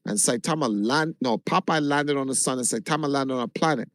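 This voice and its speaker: A man from Jamaica, a livestreamer, telling a long story in an animated, casual way and swearing freely. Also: mid-range voice, brisk, no echo. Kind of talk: casual chat.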